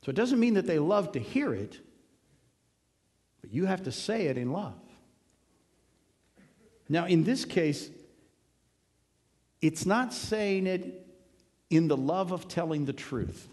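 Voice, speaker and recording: A man's voice: high voice, very animated, slow, pauses often, darkish tone. A male pastor giving an earnest, conversational sermon, driving points home with emphatic repetition. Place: church sanctuary. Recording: long hall reverb.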